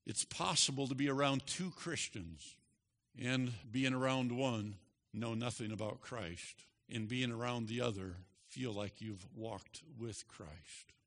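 A man preaching a sermon, moving from quiet emphasis to loud, passionate preaching. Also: medium pitch, unhurried, in a large hall.

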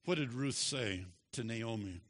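A man preaching a sermon with emphatic, drawn-out stresses and big swings in pitch and loudness. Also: animated. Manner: leads the congregation in repeating a statement.

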